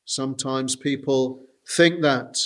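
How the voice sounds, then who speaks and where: A man's voice: mid-range voice, steady tone, slow. A man preaching a sermon in an earnest way, addressing his listeners as dear friends, with frequent hesitations.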